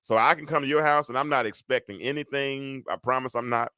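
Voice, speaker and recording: A man's voice: mid-range voice, fairly even intonation, fairly quick, sharp tone, clean tone, no echo, studio quality. A middle-aged man hosting a solo talk show in a preachy, joking way, speaking straight to his audience and calling for amens. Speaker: host.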